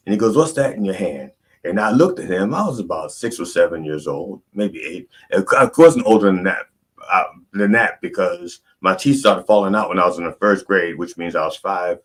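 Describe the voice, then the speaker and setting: Deep husky male host, rambling irreverent storyteller, comedic monologue. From Baltimore. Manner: rambling, self-interrupting, irreverent.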